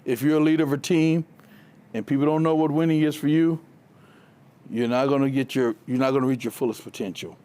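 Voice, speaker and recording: A man giving a motivational talk to a live audience, telling stories from his coaching days in an animated way and laughing along with them. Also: medium pitch, fairly quick, clear, resonant tone. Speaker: keynote speaker, former track coach. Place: live event before an audience.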